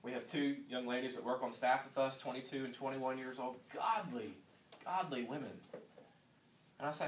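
A man in his thirties, a youth pastor giving an earnest teaching talk to youth workers, swinging from quiet stretches to loud emphasis. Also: medium pitch, moderate pace, a little hiss or hum. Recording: roomy sound from a distant mic with faint ambience.

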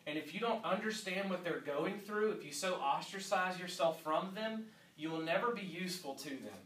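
Man, pastor, earnest sermon, slightly high voice, echoey room, a bit off-mic. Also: moderate pace, a bit bright, distant mic, slight background noise. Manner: earnest, repeats key lines for emphasis. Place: church sanctuary.

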